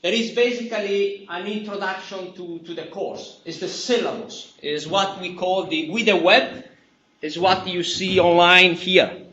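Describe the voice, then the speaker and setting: A man's voice: sits high, measured pace, sharp tone, echoey room, recorded from a distance, highs cut off. A man with an Italian accent giving a university lecture in a chatty way, repeating key words and checking in with "right?". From Italy. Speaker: university instructor. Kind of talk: lecture to a class. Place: lecture hall.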